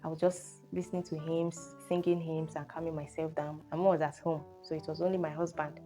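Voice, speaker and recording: Young nigerian woman, storytime vlogger, lowish voice, animated telling, faint guitar music behind. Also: brisk. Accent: Nigerian English. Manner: animated storyteller, exclamations like oh and hey. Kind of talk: storytime vlog.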